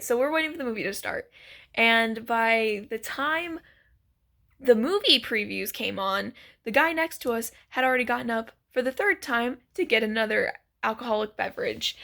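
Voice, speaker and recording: A woman's voice: fairly high pitch, expressive, unhurried, a bit bright. A woman telling a story to her vlog in a chatty, giggly way, full of "like" and "so basically," while she is sick. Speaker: vlogger.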